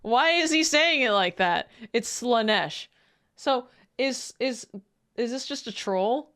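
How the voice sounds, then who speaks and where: Sex: woman. Pace: slow. Style: playful reaction chatter. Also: on the high side, expressive, fairly bright tone, clear, resonant tone. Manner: playful, swears freely, laughs often. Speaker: streamer reacting to a video. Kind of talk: casual reaction commentary.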